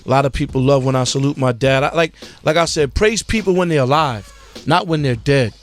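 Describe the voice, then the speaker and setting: A male guest on a radio talk show, speaking in an ordinary mid-pitched voice. He rambles loosely, leans on "you know" and drifts into sermonizing. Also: brisk, faint music behind. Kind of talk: casual talk-show chat.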